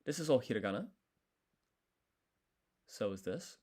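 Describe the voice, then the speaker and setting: A man studying a language on a live stream, thinking aloud, sounding out syllables slowly and correcting himself as he goes. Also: medium pitch, animated, a little mellow.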